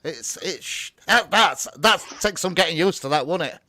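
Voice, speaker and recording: A man's voice: fairly high pitch, expressive, moderate pace, pushed and bright. A man hosting a casual live chat, joking, swearing and laughing often. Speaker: host.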